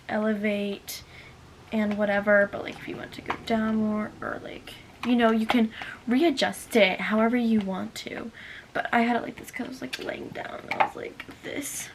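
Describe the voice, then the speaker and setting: A young woman chatting excitedly as a book vlogger, bubbly and full of "like". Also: on the high side, gravelly, a little hiss or hum. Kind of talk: casual chat.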